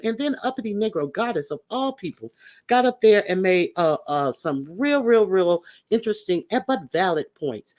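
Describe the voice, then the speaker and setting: A host speaking in gives casual commentary on online drama. The voice sits at a middle pitch. The talk rambles and turns confrontational, full of fillers and restarts.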